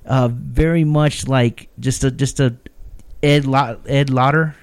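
A man's voice: mid-range voice, steady tone, takes it slowly. A man co-hosting a podcast, retelling a film scene by scene in rambling casual chat, laughing and acting out the lines. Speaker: podcast co-host recapping a movie.

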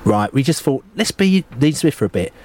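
A man's voice: medium pitch, sing-song, fairly quick, darkish tone. A man co-hosting a casual football radio chat, rambling and filling his talk with "you know". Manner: rambling, repeats "you know what I'm saying". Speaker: podcast co-host. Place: radio studio.

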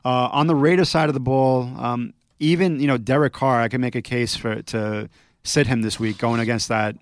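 A man co-hosting a casual podcast, giving relaxed advice with frequent ums. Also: medium pitch, normal speed. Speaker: podcast co-host. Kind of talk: casual fantasy football chat.

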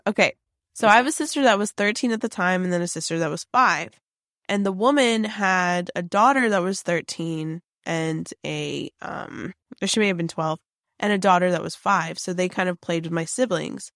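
A woman's voice: fairly low pitch, normal speed, fairly bright tone, dry recording, clean studio sound. A woman casually telling a creepy personal story, chatty and full of fillers and restarts.

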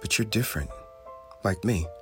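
Storybook: little goblin boy, gentle and friendly, quick and cheery, voiced by a man. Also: on the low side, expressive, faint music behind, natural voice. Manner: soft, friendly.

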